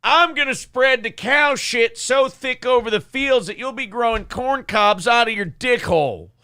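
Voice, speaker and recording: A man putting on the voice of a crude, loud older Southern farm politician in a mock campaign ad. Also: very high voice, a little slow, clear, resonant tone, no echo, studio quality, voice pushed up, heavily acted. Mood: ranting. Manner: crude shouting campaign parody.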